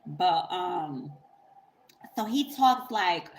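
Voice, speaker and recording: A woman's voice: medium pitch, sing-song, takes it slowly, a little hiss or hum, rough recording. A woman tarot reader telling a story in a rambling, profane, casual way on a livestream, often breaking into laughter.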